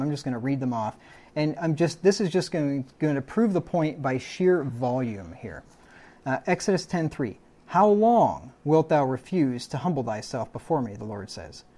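A man's voice: a little high, mellow. A man preaching a sermon as pastor, reading a string of verses aloud and adding plain asides.

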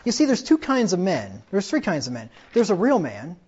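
A man with a high voice and huge pitch swings preaches at a moderate pace, his tone a little mellow with a breathy edge, in lo-fi sound. The sermon is conversational, marked by repeated "right?" questions and dramatized dialogue from his anecdotes.

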